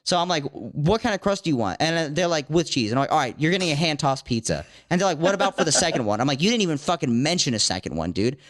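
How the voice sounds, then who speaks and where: Young man, profane fast-talking podcast co-host, a little high. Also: big pitch swings. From Virginia. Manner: profane, ranting, quick-talking. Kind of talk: casual podcast chat.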